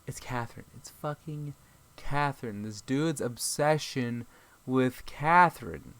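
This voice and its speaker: Gaming guy reading a visual novel aloud, cursing a lot, exasperated ranty commentary, mid pitch. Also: a little slow, a bit bright. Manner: profane, exasperated comic ranting. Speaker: gaming video host.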